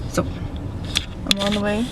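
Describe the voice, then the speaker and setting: Young adult woman, casual vlogger, emotional and upset, filmed in a car with clear road noise behind. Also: mid-range voice, flat delivery, measured pace. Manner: emotional, upset, chatty, swears freely. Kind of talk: casual vlog talk.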